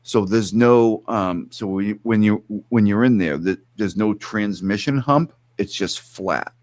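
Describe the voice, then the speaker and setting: A middle-aged man hosting a casual chat, animated and swearing freely as he acts out bits of stories. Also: lowish voice, a little slow, no echo. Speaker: podcast host.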